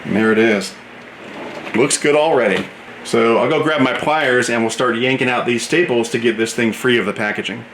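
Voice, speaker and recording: Friendly hobby-channel host, mid-pitched male, chatty product walkthrough, echoey indoor room. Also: normal speed. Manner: chatty, enthusiastic, describes items as he shows them. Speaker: model train channel host. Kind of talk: casual unboxing commentary. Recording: roomy echo, faint background hum.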